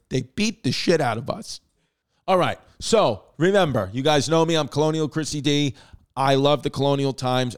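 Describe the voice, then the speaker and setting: A brash man tells history as a stand-up comedy routine. He is profane and rambling, and he keeps breaking off into jokes and asides. His voice sits at an ordinary middle pitch for a man. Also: clean tone. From Brooklyn, New York.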